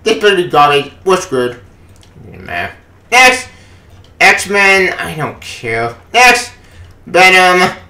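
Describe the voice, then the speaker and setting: A man giving a furious, profane rant on a comics news vlog, often shouting. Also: sits high, sing-song, slow, long pauses. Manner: angry, profane ranting with frequent shouting. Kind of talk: ranting opinion vlog. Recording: echoey room, voice off-mic.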